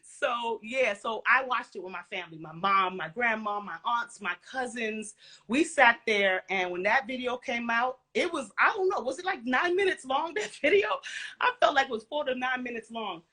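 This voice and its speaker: Bright-voiced woman telling animated stories. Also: on the high side, normal speed. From Caribbean and Central American family background. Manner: animated storytelling, laughs often, casual slang. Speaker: guest, former music video dancer. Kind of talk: casual interview chat.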